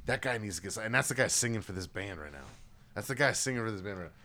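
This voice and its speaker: Excitable, profane man, lively pitch. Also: rapid-fire. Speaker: podcast host. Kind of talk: casual chat.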